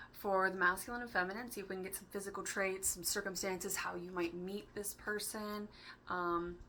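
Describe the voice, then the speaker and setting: A woman's voice: medium pitch, bright, forceful tone, slight background noise. A woman doing a casual tarot reading for her channel, chatty and playful, laughing often as she rambles from one idea to the next. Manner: rambling, free-associating. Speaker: tarot reader.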